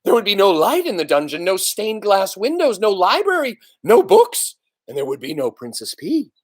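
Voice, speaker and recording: A man reading a children's book aloud in an expressive storytelling voice. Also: sits high, normal speed, slightly rough. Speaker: reader.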